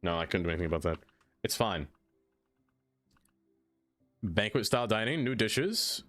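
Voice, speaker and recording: Playful low-voiced man streaming a game. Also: animated, normal speed, a bit bright, soft background music. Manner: playful, teasing, talks to chat and to the game. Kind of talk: casual live-stream chat.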